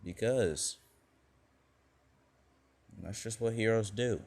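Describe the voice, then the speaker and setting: A kind, confident young hero, as a man puts him on while telling the story. He talks in an easygoing, reassuring manner, in a low, unhurried voice. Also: darkish tone.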